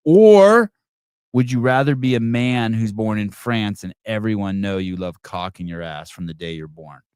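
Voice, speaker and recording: Ranting with blunt profanity and rambling restarts, a middle-aged host comments on his live call-in podcast. His lowish, darkish voice is clear and resonant, fairly even in intonation, at a moderate pace, with clean studio sound and no room sound.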